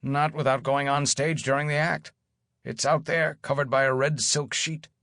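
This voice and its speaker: A man's voice: on the high side, flat delivery, normal speed, fairly bright tone, no echo, voice pushed up. A man plays a fretful middle-aged stage manager who talks anxiously and hesitantly. The audiobook voice sits in a dry, close studio sound. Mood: worried. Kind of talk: audiobook character voice.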